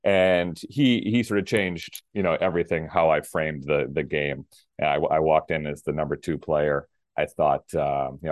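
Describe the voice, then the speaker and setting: Super deep voiced guy from minnesota, laid back, lots of um and you know, dry close mic. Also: moderate pace, no room sound. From Minnesota, USA. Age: middle-aged. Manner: relaxed storytelling with many fillers and restarts. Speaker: guest, former pro tennis player. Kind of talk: casual interview talk.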